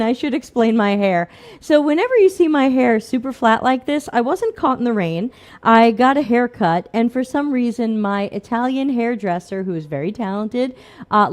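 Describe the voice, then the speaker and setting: A woman's voice: mid-range voice, a little mellow. A middle-aged woman hosting a casual live Q&A stream, chatty and self-deprecating, laughing often. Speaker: livestream host. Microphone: desk microphone.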